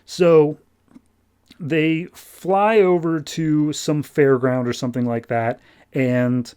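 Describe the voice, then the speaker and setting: A man's voice: on the high side, steady tone, takes it slowly, darkish tone, clear, resonant tone. Wry man recapping a comic book. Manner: wry, sarcastic, rambling. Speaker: comic book podcast host.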